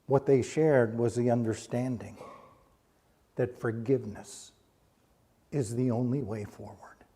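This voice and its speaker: A middle-aged man preaching a storytelling sermon in a church sanctuary, dropping to a hushed voice at solemn moments. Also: medium pitch, fairly even intonation, a little slow, slightly rough. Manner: hushes to a near-quiet voice at solemn points. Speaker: pastor.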